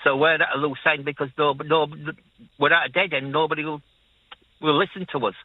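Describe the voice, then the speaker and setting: A man's voice: on the high side, fairly even intonation, a little fast, no echo. Older caller, man in his sixties, Leeds-flavored Irish accent, chatty and repetitive, tinny phone sound with a dry feel. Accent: Leeds-tinged Irish. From Ireland. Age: 60s. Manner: chatty, rambling, repeats himself. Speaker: caller, taxi driver. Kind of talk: phone-in radio chat.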